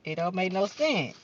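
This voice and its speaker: A woman's voice: on the low side, muffled recording, heavy background noise. A woman doing a casual spiritual card-reading vlog, talking fervently in slang, swearing at times and stumbling as she reads the card text aloud. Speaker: card reader.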